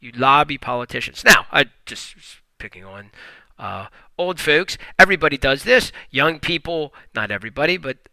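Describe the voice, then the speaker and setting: Gravelly, forceful man lecturing. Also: fairly high pitch, lively intonation, normal speed, no echo, low-quality recording. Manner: emphatic explaining with frequent restarts. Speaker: economics teacher. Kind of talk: recorded lecture podcast.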